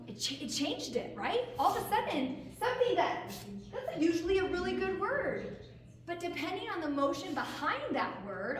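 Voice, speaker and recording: A woman coach talks to a room of kids in a bright, high voice, upbeat and full of questions for the audience. The mic is far from her, so her voice sounds distant. The room is very echoey, and steady noise runs under her words. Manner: animated and encouraging, asks the audience questions. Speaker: theater and vocal coach. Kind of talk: talk to a group of kids.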